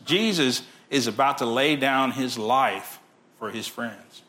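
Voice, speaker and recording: A male pastor with a bright, forward voice delivers a sermon in an easy, conversational way. He talks straight to the congregation and sometimes drops his voice almost to a whisper. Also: medium pitch. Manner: conversational preaching, drops to near-whisper at times.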